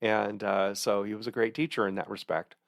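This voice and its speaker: A man's voice: fairly low pitch, little pitch movement, a little fast, vocal fry, no room sound, studio quality. A man in his sixties, a podcast host who tells a story in a rambling, hesitant monologue and chuckles now and then. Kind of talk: casual monologue.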